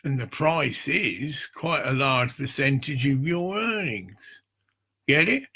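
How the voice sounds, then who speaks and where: Slow, gravelly man rambling to camera. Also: mid-range voice, lively intonation, sharp tone. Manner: meandering, profane, repeats "see" and "get it". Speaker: charity promoter. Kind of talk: rambling informal pitch to camera.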